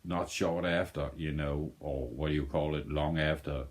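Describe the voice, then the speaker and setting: A man's voice: a bass voice, steady tone, normal speed. A man from Denmark chatting casually in English as a non-native speaker, often restarting and searching for words. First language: Danish. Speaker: vinyl music vlogger. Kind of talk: casual rambling chat.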